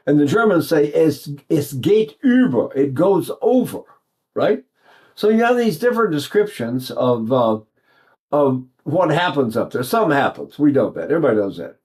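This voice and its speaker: A man's voice: a little high, moderate pace. An older man, a voice teacher, giving a casual, chatty singing lesson and breaking off to demonstrate sounds. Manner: animated, chatty, sings and buzzes examples, mimics Italian speech.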